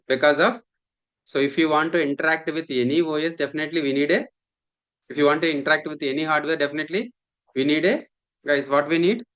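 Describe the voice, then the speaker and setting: A man's voice: fairly high pitch, quick pace, fairly bright tone, highs cut off. A man, lecturing a class, repeating points and often asking the students if they follow. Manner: repetitive, checks understanding often. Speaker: instructor.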